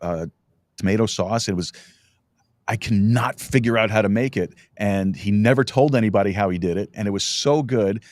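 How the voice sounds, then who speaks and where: A middle-aged man hosting a podcast, chatting casually and telling stories with lots of halting restarts. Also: fairly low pitch, no room sound. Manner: rambling, halting storyteller with many restarts. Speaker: podcast host. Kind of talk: casual chat. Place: podcast studio.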